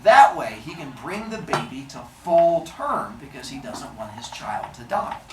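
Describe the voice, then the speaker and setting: A male teacher retelling a myth to his class in a playful, wry, animated way. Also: medium pitch, unhurried, very noisy. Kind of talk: classroom storytelling. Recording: echoey classroom, mic far off.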